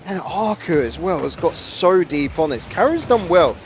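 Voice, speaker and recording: A man commentating a live esports match, quick to exclaim over big plays and replays, on a headset mic. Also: a little high, expressive, faint music behind.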